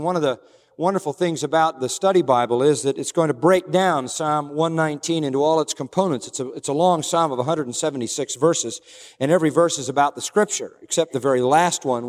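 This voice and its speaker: A man preaching a sermon, reading Scripture passages slowly and deliberately between his own teaching. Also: a little high, long reverb tail. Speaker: pastor.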